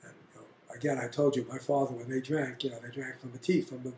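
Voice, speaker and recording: An older man being interviewed, telling family stories in a blunt, animated way. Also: mid-range voice, fast talker, slight background noise. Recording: roomy echo.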